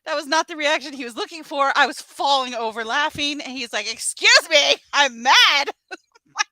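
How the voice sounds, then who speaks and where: A woman co-hosting a casual chat show, laughing often and breaking into loud exclamations. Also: high-pitched, moderate pace, no room sound. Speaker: podcast co-host.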